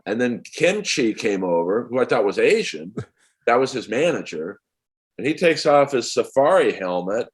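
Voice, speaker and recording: A comedian in his forties, a man telling rambling, animated stories as a podcast guest. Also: medium pitch, normal speed, slightly rough. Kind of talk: casual podcast chat.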